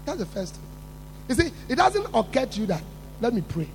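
A man delivering a sermon in a very high, lively voice that swings wide in pitch and carries a gravelly rasp. He builds emphatically, repeating words and rising toward shouts. A faint mains hum sits under the recording. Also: a little fast. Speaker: preacher.

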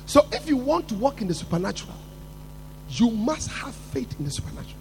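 A preacher delivers a sermon a little quickly, his very high voice lively, gravelly, and swinging widely in pitch. He builds with emphasis, repeating words and climbing toward shouts, while a faint mains hum runs beneath.

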